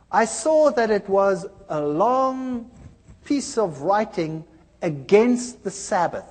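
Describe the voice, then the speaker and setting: Animated man telling his story in a hall. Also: high voice, breathy edge. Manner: animated storytelling, acting out quoted dialogue. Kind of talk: preached personal testimony.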